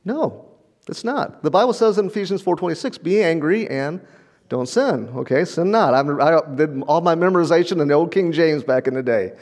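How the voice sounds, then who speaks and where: A man's voice: on the high side, animated, normal speed, a little mellow. An older man preaching a sermon in a conversational, storytelling way, often repeating words and chuckling. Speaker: pastor.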